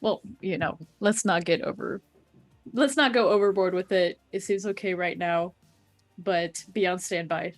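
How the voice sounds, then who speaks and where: A woman's voice: lowish voice, moderate pace, no room sound, faint music behind. A woman playing a character in a tabletop game, talking hesitantly with many fillers. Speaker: player. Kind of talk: tabletop role-play.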